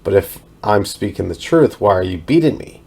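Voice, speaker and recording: A man reading a calm male teacher. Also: fairly low pitch, creaky, husky, full character voice. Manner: measured, plainly read quotations.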